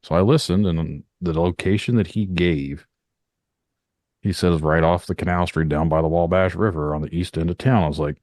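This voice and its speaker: A man's voice: low voice, steady tone, moderate pace, a little mellow, no echo. A man from Northern Indiana, hosting a podcast in a rambling, talkative way. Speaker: podcast host. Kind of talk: casual podcast chat.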